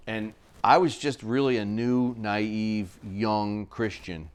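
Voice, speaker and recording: A middle-aged man with a fairly low voice tells a personal story as a podcast guest, earnest and conversational. He slips into the voices of people he quotes as he goes. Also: unhurried, hardly any pauses. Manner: earnest, acts out quoted dialogue. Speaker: business owner and podcast guest.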